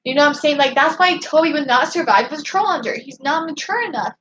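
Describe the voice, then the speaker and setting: A woman with a fairly high voice chats loosely on a home livestream, reading comments aloud as she goes. She rambles in an excitable way and keeps tripping into restarts. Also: fast, slight background noise, poor audio. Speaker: YouTube channel host. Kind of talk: casual livestream chat reading viewer comments.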